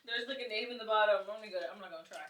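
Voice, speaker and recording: Candid young woman, bright and echoey. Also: mid-range voice, fast. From Haiti. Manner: laid-back, candid, bursts into loud laughter. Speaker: podcast co-host. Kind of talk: casual chat, food tasting. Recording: echoey room, mic at a distance.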